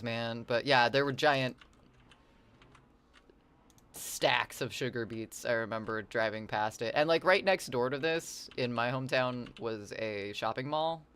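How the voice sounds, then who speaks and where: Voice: mid-range voice, a bit bright, clear, resonant tone. A chatty streamer talks loosely over a game, drifting from one story to the next. Chat messages get read out and answered along the way. Silly wordplay slips in between the tangents. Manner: rambling and chatty, reads chat aloud and answers it; playful wordplay and silly asides. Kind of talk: casual live-stream chat while gaming.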